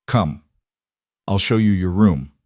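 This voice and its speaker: A man's voice: deep voice, slow pace, darkish tone, no room sound, clean studio sound. A man playing a cold, curt mafia boss. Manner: curt, matter-of-fact commands. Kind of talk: audiobook narration.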